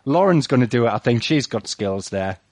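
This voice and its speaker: A man hosting a casual tech news podcast, running through headlines in a brisk, joking way and tagging "right?" onto his lines. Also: mid-range voice, animated, no echo. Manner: brisk, jokey, keeps adding "right?". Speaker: podcast host.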